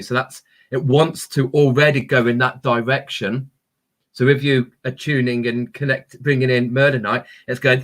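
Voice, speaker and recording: A man hosting a live stream about crystals, reading viewer comments and answering them with gentle, encouraging spiritual talk full of ums. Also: mid-range voice, little pitch movement, moderate pace. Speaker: crystal healing livestream host.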